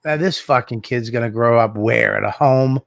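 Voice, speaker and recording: A man co-hosting a podcast in casual chat, excitable and reacting with disbelief. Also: medium pitch, normal speed, creaky, dry recording, clean studio sound. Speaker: podcast co-host.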